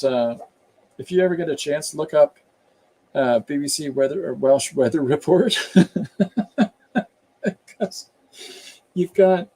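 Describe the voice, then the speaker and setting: Male streamer, casual and rambling, mellow husky tone, reacts to chat. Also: on the high side. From Canada. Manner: rambling, chatty, reads viewer comments aloud. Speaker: comic artist hosting a live stream.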